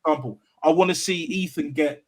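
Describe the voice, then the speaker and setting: Casual panel guest, man, slightly high voice, full of fillers. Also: very noisy. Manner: casual, fast, hedging with fillers. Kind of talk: casual call-in chat.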